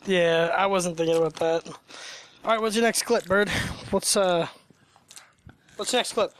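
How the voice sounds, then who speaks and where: A man with a fairly high voice chats as a podcast guest. He teases the others and speaks bluntly, dropping swears without a second thought. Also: moderate pace, a little hiss or hum. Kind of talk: casual drunken chat.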